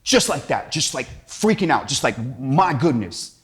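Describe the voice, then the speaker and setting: A man's voice: a little high, very animated, moderate pace, fairly bright tone. A man giving an inspirational talk in a casual, slangy storytelling way. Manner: slangy, storytelling, acts out quotes. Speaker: Catholic speaker.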